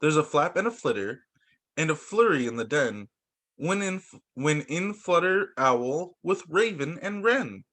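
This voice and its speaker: A male teacher reading picture books aloud to children over a video call, animated and expressive. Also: fairly high pitch, measured pace.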